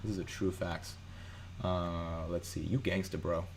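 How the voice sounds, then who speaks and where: Low-voiced man hosting a casual livestream. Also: little pitch movement, a little slow, a little hiss or hum. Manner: loose and rambling, many fillers and self-corrections. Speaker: live-stream host. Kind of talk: casual live-stream chat, reading viewer comments.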